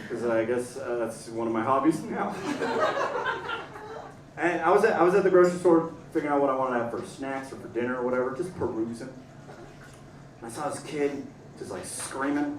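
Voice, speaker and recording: A young man doing a stand-up comedy set, animated, acting out voices and yelling punchlines. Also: medium pitch, slight background noise. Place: comedy club stage. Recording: roomy club sound from a distance. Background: audience laughter.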